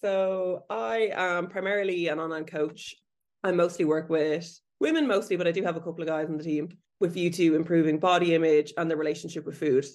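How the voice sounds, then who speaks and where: A woman's voice: lowish voice, a little fast, a little mellow. A woman coach and researcher speaking as a podcast guest, candid and self-deprecating, laughing lightly as she talks. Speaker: body image coach and researcher.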